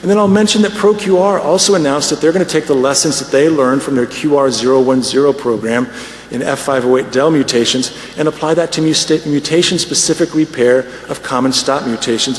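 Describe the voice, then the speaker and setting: A man's voice: medium pitch, fairly quick. Man presenting in an echoey hall. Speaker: conference speaker. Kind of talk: conference plenary talk. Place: large conference hall. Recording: echoey hall with faint noise.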